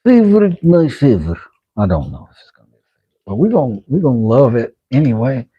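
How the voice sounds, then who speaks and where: A knife maker and channel host chats playfully to the camera through a face mask as he makes a knife in his workshop, mumbling to himself while he works. His voice is medium-pitched, fast and slightly rough, with big swings in pitch. It's casual workshop vlog commentary, and the audio is dull and lo-fi.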